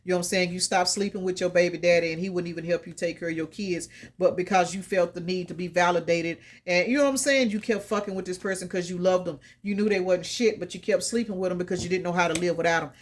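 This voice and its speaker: A woman's voice: lowish voice, steady tone, quick pace, few pauses. A woman giving a tarot energy reading to her viewers, blunt, profane and emphatic, with a preachy, encouraging pep-talk manner. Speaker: tarot reader.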